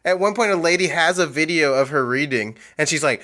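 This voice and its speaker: Bright-voiced laughing podcast host. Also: male voice, a little high, brisk. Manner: animated, laughing, mocking retelling. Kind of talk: casual movie review chat.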